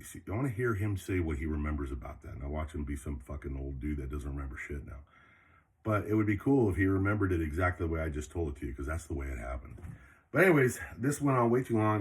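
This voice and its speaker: A man's voice: low-pitched, slightly rough. An older retired man telling a rambling, profane story in a casual vlog while folding laundry. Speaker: vlogger.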